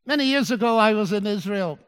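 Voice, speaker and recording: A man preaching a sermon, measured and dwelling on key words. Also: high-pitched, lively intonation, a bit bright, clear, resonant tone, long reverb tail.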